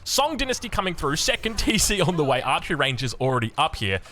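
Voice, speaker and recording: An Australian man casting a strategy game, rambling excitably into anecdotes with lots of restarts. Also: a little high, quick pace. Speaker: game caster.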